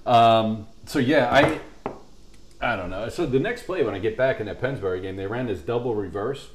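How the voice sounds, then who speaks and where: A man co-hosting a podcast, swearing freely in casual, animated chat about old football games. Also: medium pitch, normal speed, roomy sound. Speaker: podcast co-host.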